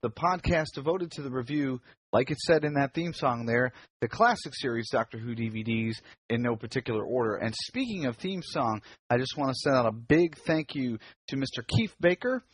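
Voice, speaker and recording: A man hosting a casual podcast, his voice a little husky and rough at the edges. He talks in a friendly, rambling way, full of ums and restarts, recorded on his computer mic during a video call. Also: mid-range voice, expressive, moderate pace, no room sound. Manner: chatty, many fillers and restarts. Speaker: podcast host.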